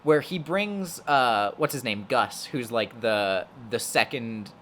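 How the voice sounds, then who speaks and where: A man's voice: medium pitch, lively intonation, slow pace, a bit bright, a little hiss or hum. Rambling young man reviewing a movie. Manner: rambling, filler-heavy, swears freely. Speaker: podcast co-host. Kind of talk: casual movie review chat.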